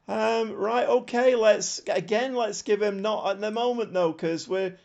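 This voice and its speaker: A man streaming a football management game, commenting live on the match and shouting at the screen when it gets exciting. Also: high-pitched, measured pace, creaky, hardly any pauses. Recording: slightly dull lo-fi sound.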